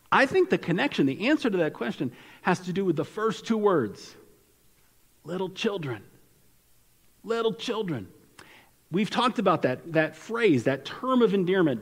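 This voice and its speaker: A man preaching a sermon as pastor, speaking conversationally and repeating phrases for emphasis, with his voice dropping softly at key lines. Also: a little high. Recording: long hall reverb.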